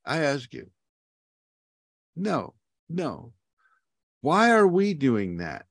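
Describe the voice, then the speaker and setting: A man's voice: fairly high pitch, extremely slow, vocal fry, dry recording, clean studio sound. Chuckling man teaching on a call. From United States. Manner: rambling, chuckling often, animated asides. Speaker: spiritual teacher. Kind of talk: casual teaching talk on a video call. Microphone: video call.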